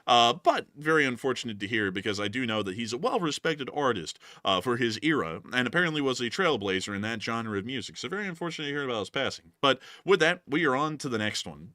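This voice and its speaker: Bright-voiced young male stream host. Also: mid-range voice, animated, quick pace, few pauses, dry recording, clean studio sound. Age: young adult. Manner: upbeat and chatty, laughs often. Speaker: co-host of a live news stream. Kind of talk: live-stream super chat thank-yous.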